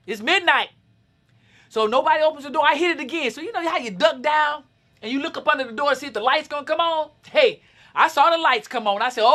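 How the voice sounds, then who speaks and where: A woman in her fifties giving a motivational talk, telling a personal story in a lively, dramatic way and acting out scenes with sudden shouts. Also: sits high, fast talker. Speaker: motivational speaker.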